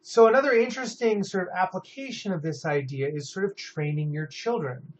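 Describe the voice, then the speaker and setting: A man's voice: sits high, fairly quick. Casual lecturing man, dull lo-fi recording. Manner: conversational, many fillers and "right?" tags. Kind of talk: psychology lecture.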